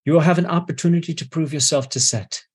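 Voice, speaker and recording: A man voicing a smiling male priest torturer who speaks with calm, coaxing menace. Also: a little high, quick pace, breathy edge, voice pushed up. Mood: silky menace.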